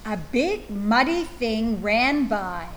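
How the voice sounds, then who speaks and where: Woman reading a children's storybook, high, bouncy pitch, very slow and expressive. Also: a little hiss or hum, rough recording. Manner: expressive, sounds out animal noises. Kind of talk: reading a children's picture book aloud.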